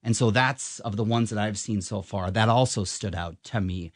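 A low-pitched, middle-aged man talks shop in an interview. He rambles and restarts, filling gaps with ums. The sound is dry and close. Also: moderate pace, dry recording. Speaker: advertising media guest. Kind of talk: casual interview chat.

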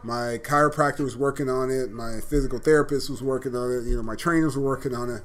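A former pro football player telling stories in a casual interview, acting out what others said. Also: male voice, medium pitch, fast talker. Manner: animated anecdotes, acts out quoted voices.

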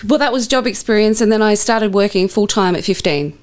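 A woman's voice: medium pitch, brisk, slight background noise. A middle-aged woman, a veteran radio presenter being interviewed, telling stories candidly with dry humour. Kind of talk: casual interview chat.

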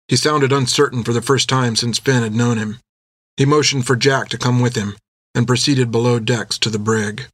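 A man reading an adventure novel aloud in steady, measured scripted narration. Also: mid-range voice, dry recording. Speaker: audiobook narrator.

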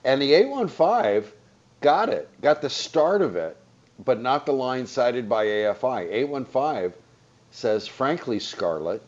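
A man's voice: medium pitch, sing-song, a little slow, darkish tone, highs cut off, a little hiss or hum. A man hosting a radio talk show in casual chat, reading out quotes and laughing easily. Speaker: radio host.

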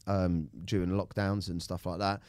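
A man in his thirties, a podcast co-host, telling a painful personal story in a halting, emotional way with many restarts. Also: low voice, flat delivery, darkish tone, no room sound, clean studio sound.

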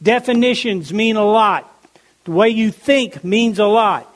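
High-voiced preacher with emphatic delivery. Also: male voice. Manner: emphatic, slows down to stress key words; reads scripture aloud in a measured voice. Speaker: pastor. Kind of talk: sermon.

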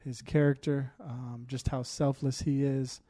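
Man with a flat, mellow voice. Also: medium pitch, unhurried. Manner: heartfelt, fillers, holding back tears. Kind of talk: casual testimony chat.

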